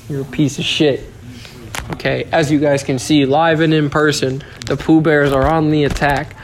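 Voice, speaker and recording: A man hosting a casual solo podcast, joking around, swearing a lot and breaking into sudden yells. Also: a little high, flat delivery, moderate pace. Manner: profane, joking, with sudden yelling outbursts. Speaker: podcast host.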